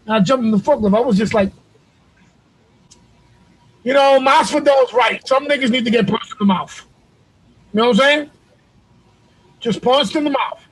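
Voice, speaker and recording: A man's voice: very high voice, lively intonation, normal speed, pauses often, a bit bright, breathy edge, dry recording, low-quality recording. A man hosting a casual video-call chat, telling profane, boisterous stories. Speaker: host.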